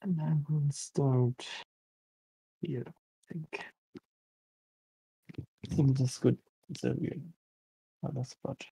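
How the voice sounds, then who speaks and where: A man's voice: mid-range voice, fairly even intonation, takes it slowly, creaky, pauses often, warm tone, husky, no echo, rough recording. A man playing a board game, thinking aloud and explaining the rules to his opponent. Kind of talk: casual board game chat.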